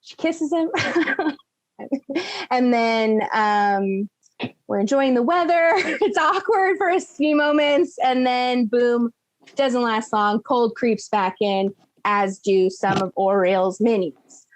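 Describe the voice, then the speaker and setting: Female player, recap duty; chatty, laughs a lot, higher voice, dry sound. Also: dry recording, rough recording. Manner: chatty and giggly, with quick character voices. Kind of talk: casual recap of a tabletop game.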